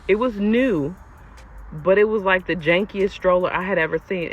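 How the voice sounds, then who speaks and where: Young woman doing a storytime vlog, exasperated, gravelly voice, kinda muffled audio. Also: medium pitch, big pitch swings, a little fast, faint music behind. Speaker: storyteller vlogger. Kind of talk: casual storytime to viewers. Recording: lo-fi with faint background noise.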